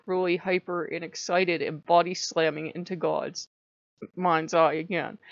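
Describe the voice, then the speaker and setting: A woman vlogger chatting casually to camera about her spiritual life, animated and laughing often. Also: on the low side, no room sound, dull audio.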